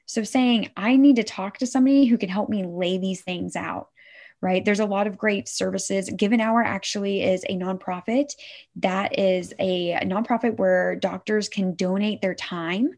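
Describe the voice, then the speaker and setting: A middle-aged woman from Oklahoma, a suicide prevention worker, talking as an interview guest in a lively way that checks in with "right?" and acts out quotes. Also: medium pitch, moderate pace. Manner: animated, says "right?" often, acts out quotes. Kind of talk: conversational interview.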